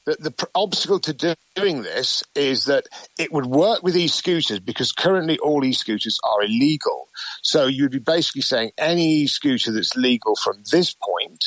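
Halting man on a dry line. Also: medium pitch, a bit bright, no echo, rough recording. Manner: halting, many restarts. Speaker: campaigner guest. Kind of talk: phone-in interview.

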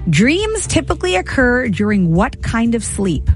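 Brisk, fairly high-voiced female radio co-host. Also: very animated, faint music behind. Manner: brisk, laughs often. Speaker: radio co-host running a trivia game. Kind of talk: reading trivia questions and chatting on radio.

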